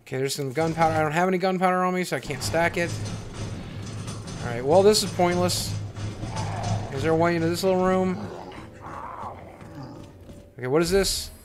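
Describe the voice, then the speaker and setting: A man's voice: fairly high pitch, normal speed, pauses often, over music. A young man hosting a horror game playthrough, jumpy and panicky, swearing and repeating himself over and over. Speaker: gaming video host. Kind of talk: let's play commentary.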